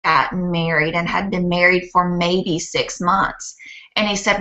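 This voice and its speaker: A young woman telling a personal story in a relaxed way, with small filler pauses. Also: fairly low pitch, poor audio.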